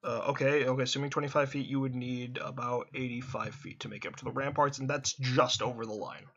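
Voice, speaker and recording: A man's voice: medium pitch, fairly even intonation, quick pace, fairly bright tone, lo-fi sound. A man narrating as game master in a tabletop game, talking casually, swearing freely and restarting often.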